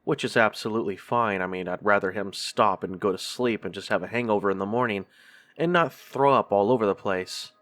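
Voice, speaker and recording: A man hosting a horror podcast, reading a first-person scary story in a measured, drawn-out storytelling delivery. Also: fairly low pitch, a bit bright.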